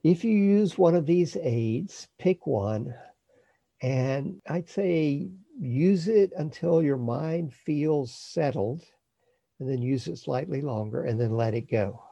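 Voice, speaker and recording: A man calmly teaching breath meditation, speaking in a slow, measured way that trails off softly at the ends of phrases. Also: a little high, vocal fry, dry recording, dull audio. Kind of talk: guided meditation instruction.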